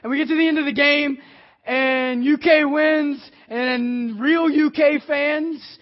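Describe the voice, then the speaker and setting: A middle-aged preacher from Kentucky with a high, bright-edged voice delivers a sermon. He moves from a hushed prayer into an animated personal story, acting out his own excitement. The recording is dull and lo-fi. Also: takes it slowly. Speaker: pastor.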